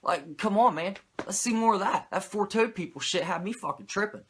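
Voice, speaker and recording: A man's voice: high-pitched, brisk, a bit bright, a little hiss or hum. A man recapping an old wrestling episode in casual, rambling commentary, swearing freely and going off on tangents. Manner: rambling, profane, self-mocking. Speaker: wrestling show reviewer.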